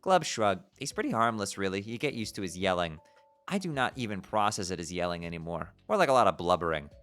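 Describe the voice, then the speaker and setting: A man's voice: deep voice, very animated, fast, fairly bright tone, soft background music, voice pushed down. A man doing a bubbly sea-troll princess who glubs. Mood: breezy. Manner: perky, playful, drops "glub" into speech. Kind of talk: reading a webcomic aloud.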